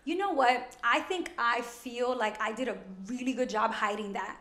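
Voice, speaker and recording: A loud, animated woman around thirty from Brooklyn chats quickly as an interview guest. Her voice sits a little high. The room gives it a roomy echo. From Brooklyn, New York. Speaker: guest, financial educator. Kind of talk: casual interview chat.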